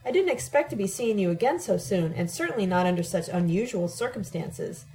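A woman's voice: medium pitch, expressive, a little fast, dark tone, faint music behind, close to an everyday voice, poor audio. A woman voicing a sarcastic, self-righteous male professor in an audiobook reading, with a defensive edge to his lines. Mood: sardonic. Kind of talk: audiobook narration.

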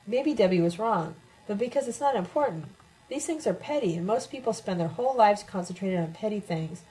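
A woman voicing a calm, preachy male mystic in a read-aloud novel. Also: mid-range voice, brisk, natural voice, rough recording. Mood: gentle.

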